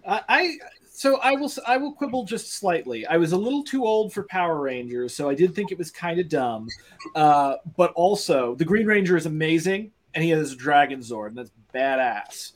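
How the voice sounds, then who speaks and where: A man's voice: on the high side, lively intonation, moderate pace. A man in casual chat who stutters into his points, then gets enthusiastic. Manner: stammering starts, then enthusiastic.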